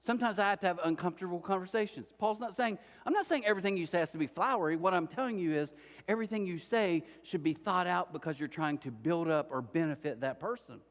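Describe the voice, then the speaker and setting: Middle-aged male pastor, higher voice, animated storyteller, long church-hall reverb. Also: fast talker. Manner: lively storyteller, acts out quoted voices. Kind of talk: sermon.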